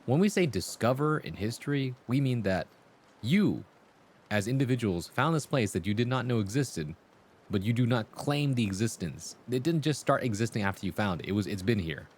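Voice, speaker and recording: A man's voice: mid-range voice, lively intonation, normal speed, breathy edge. A man hosting a livestream, talking casually to his chat and acting out voices in his stories. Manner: conversational, acts out quoted voices in anecdotes. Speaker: livestream host.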